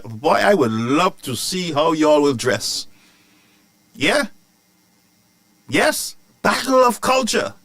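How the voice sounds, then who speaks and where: A man, hosting a news commentary show, ranting about politics with rhetorical questions and sharp asides. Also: on the high side, no echo.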